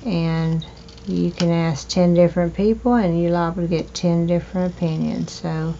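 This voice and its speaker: A woman hosting a crafting video, chatting slowly to herself while she trims and glues, with hiccups now and then. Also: fairly low pitch, steady tone, warm tone. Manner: slow, chatty, talking to herself while working. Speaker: crafting channel host. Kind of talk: casual crafting narration. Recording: dull lo-fi home recording with faint noise.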